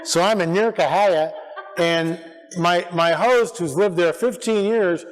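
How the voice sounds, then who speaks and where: Animated man telling stories in church. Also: high voice, a little slow. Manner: animated, acts out quotes, restarts often. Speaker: conference speaker. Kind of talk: storytelling church talk. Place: church sanctuary. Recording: echoey church hall.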